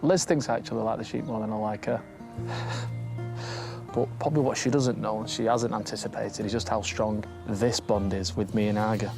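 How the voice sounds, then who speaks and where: A man in his thirties with an Oldham accent, chatting excitedly on camera outdoors on a farm and laughing often, with music underneath. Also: on the low side, brisk, creaky. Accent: Oldham, northern English. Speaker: first-time farmer, presenter. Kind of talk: casual on-camera chat. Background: background music.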